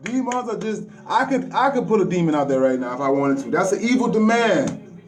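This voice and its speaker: A man's voice: high voice, lively intonation, a little fast, low-quality recording. A man giving a preachy, profane spiritual rant to the listener, repeating words and restarting his sentences.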